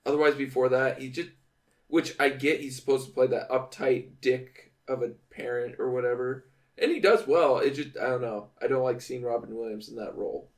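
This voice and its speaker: A man's voice: mid-range voice, brisk, far from the mic. Chatty young man, off-mic. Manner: laughs often, chatty. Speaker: podcast co-host. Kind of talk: casual chat.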